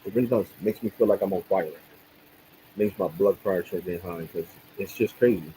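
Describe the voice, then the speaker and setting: A man's voice: low voice, moderate pace, warm tone, slight background noise, rough recording. A young man live-streaming, venting angrily with lots of cursing and repetition. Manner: angry, profane, repetitive venting. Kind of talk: casual live-stream rant.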